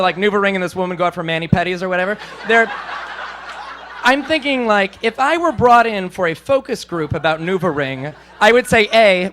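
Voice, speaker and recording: Before a live club audience, a male stand-up comedian performs in an animated, self-deprecating style, often slipping into silly voices. He speaks a little fast in a high voice, with slight background noise.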